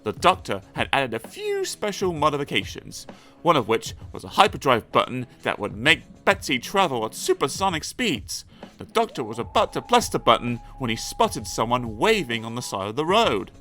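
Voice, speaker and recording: Animated man reading a storybook. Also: medium pitch, moderate pace, soft background music. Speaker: audiobook narrator. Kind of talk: storybook narration.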